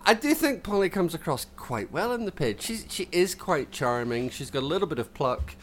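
A man with a Scottish accent chatting casually on a podcast, self-deprecating and quick to laugh, with lots of restarts. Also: on the high side, big pitch swings, slight background noise. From Scotland. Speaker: podcast co-host.

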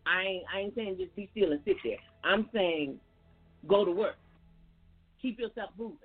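A woman's voice: mid-range voice, moderate pace, breathy edge. A woman gives a folksy, preachy faith testimony as a guest on a call-in show, talking straight to her listeners. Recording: tinny phone line with faint music.

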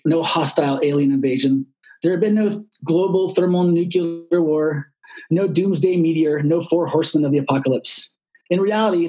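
A man narrating an audiobook in a steady, measured storytelling voice. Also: fairly high pitch, low-quality recording.

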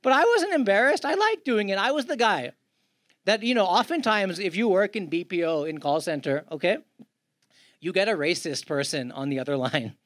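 Animated man doing stand-up. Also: high-pitched, no room sound. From India. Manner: animated, acts out callers in quick voices. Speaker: stand-up comedian. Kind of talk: stand-up comedy set. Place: comedy club with live audience. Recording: live club audience laughing.

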